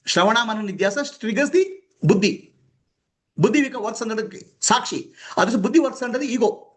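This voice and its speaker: A man's voice: very high voice, expressive, a little fast, fairly bright tone. A man giving a spiritual discourse to students, emphatic and questioning, chuckling often. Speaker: spiritual teacher.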